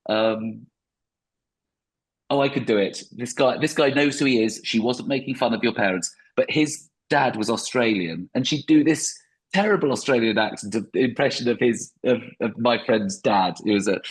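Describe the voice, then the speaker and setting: A man's voice: medium pitch, breathy edge. A man, a stand-up comedian, talking reflectively in a podcast interview with frequent restarts.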